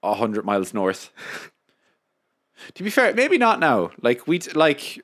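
A man's voice: medium pitch, huge pitch swings, slow, fairly bright tone. A young Irish man co-hosting a podcast, throwing in crude, sweary banter. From Ireland. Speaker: podcast co-host. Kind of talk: casual chat.

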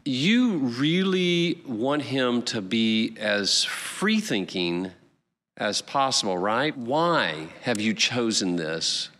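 A man hosting a podcast interview, speaking encouragingly with hesitant pauses. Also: mid-range voice, sing-song, big-room sound. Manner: slow, warmly encouraging, with hesitant "uh"s. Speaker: podcast host. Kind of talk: interview questions.

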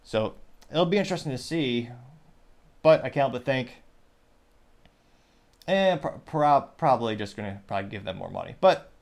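A man's voice: medium pitch, expressive, normal speed, creaky, long pauses. A man hosting a news commentary podcast, talking in a wry, digressive way with joking asides. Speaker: podcast host.

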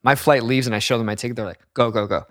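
A young man telling a story in casual chat, animated and profane, acting out the people in it. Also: mid-range voice, fast, no echo, clean studio sound.

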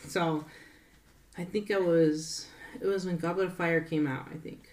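A young woman in casual chat, blunt and quick to swear. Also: fairly low pitch, fairly even intonation, darkish tone. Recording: echoey room, faint noise.

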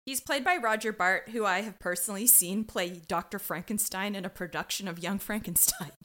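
A woman's voice: medium pitch, fairly quick, pushed and bright. A woman co-hosting a podcast, recapping an episode in casual chat with playful joking asides. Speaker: podcast co-host.

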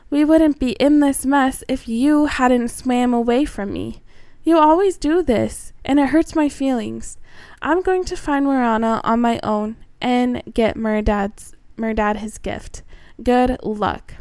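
A woman's voice: slow, darkish tone, clean tone, dry recording. A woman voicing a young mermaid girl, the hurt younger sister, speaking in a raised, pleading voice. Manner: hurt, pleading, higher than the narration.

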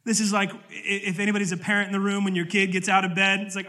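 Bright-voiced male pastor preaching earnestly. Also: sits high, monotone, fast. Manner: earnest, emphatic preaching, reads scripture aloud. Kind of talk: sermon. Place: church service.

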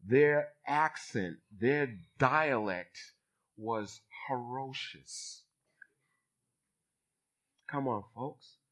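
A man in his fifties from Boston, preaching a sermon as a bishop with lively delivery and call-and-response to his congregation. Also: medium pitch, extremely slow, pauses often. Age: 50s. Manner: animated preacher, acts out voices, calls for response from the congregation.

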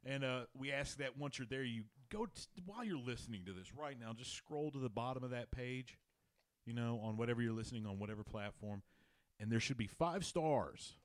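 A man's voice: mid-range voice, lively intonation, brisk, no echo. A man hosting a casual sports podcast, rambling, swearing and laughing as he talks. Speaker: podcast host.

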